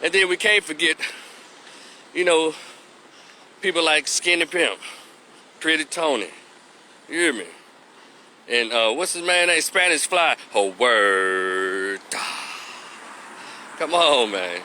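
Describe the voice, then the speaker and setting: A man's voice: a little high, expressive, measured pace, long pauses, bright, forceful tone, slight background noise. A man from Memphis with a Memphis Southern accent, giving a casual opinion monologue in loose, rhythmic street talk. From Memphis, Tennessee. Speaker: commentary vlogger.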